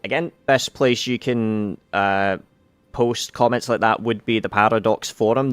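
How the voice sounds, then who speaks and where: A man's voice: lowish voice, a bit bright, clear, resonant tone. Hesitant man hosting a game stream. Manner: hesitant, many fillers and restarts. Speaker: game community specialist hosting a live stream. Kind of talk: casual live-stream chat.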